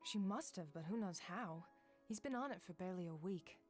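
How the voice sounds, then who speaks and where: An actress voicing a determined female FBI agent in a video game, speaking in a measured, matter-of-fact way. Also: on the low side, animated, soft background music, natural voice. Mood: steady. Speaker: game protagonist. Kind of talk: voiced game dialogue and narration.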